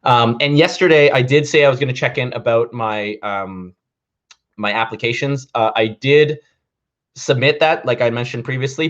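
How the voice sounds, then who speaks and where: A man in his thirties, a comedian, chatting casually to camera in a rambling way, with lots of fillers and restarts, in a dull lo-fi recording. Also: mid-range voice. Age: 30s. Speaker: vlogger and comedian.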